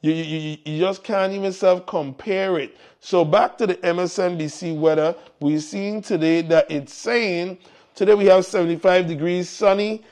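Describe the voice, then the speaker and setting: A man's voice: sits high, steady tone, normal speed, a little mellow. A man hosting a live morning show in casual chat, upbeat and fond of repeating his calls to the audience. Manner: upbeat, repetitive exhortations to the audience.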